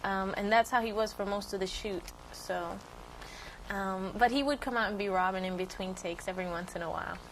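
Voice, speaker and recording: A woman's voice: medium pitch, fairly quick, slight background noise, low-quality recording. A woman guest on a talk show, speaking admiringly and easily.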